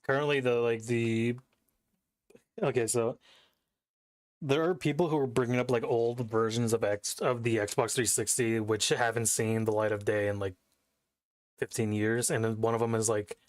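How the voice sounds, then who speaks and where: A man's voice: medium pitch, steady tone, normal speed, no echo. Young male game streamer, rambling casual chat, swears offhand, dry close mic. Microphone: desk mic.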